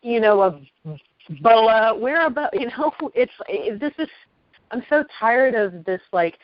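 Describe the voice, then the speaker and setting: A woman's voice: on the high side, animated, unhurried, no room sound, muffled recording. A woman hosting a podcast, asking questions and chatting in an eager, enthusiastic way. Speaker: podcast host. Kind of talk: casual interview.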